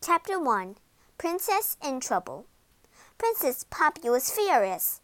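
A young reader with a high, lively voice reads a children's storybook aloud slowly and expressively. She gives each character a voice. The recording is close and dry. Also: no echo.

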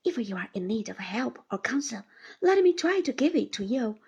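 A woman voicing an earnest young man who pleads in a hushed, breathy voice. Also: on the high side, very animated, normal speed, muffled recording, full character voice. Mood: pleading.

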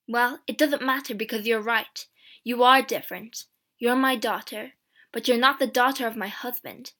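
A vengeful village witch mother spits out her confession in a loud, bitter voice, as a woman reader puts her on. The tone is bright and ringing, pitched high. It is a storybook reading. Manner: shouting, bitter.

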